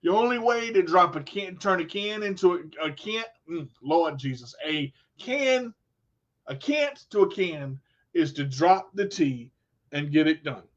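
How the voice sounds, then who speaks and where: A man's voice: high-pitched, expressive, a little slow, lo-fi sound. A man hosting a motivational live show, preaching to viewers and calling them y'all, often repeating his words. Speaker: show host. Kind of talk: motivational live-stream talk.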